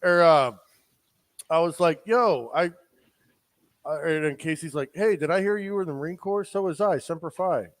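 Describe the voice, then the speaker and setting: A man with a somewhat high voice tells a loose, rambling story as a podcast guest. He swears often and restarts his sentences as he goes. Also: no room sound. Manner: rambling, profane, fast bursts with restarts. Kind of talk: casual storytelling.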